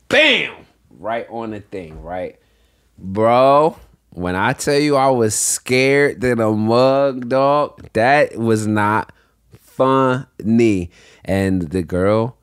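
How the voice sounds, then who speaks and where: A man who is a podcast guest, telling animated stories in casual chat and laughing often. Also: lowish voice, clean tone, no echo, studio quality.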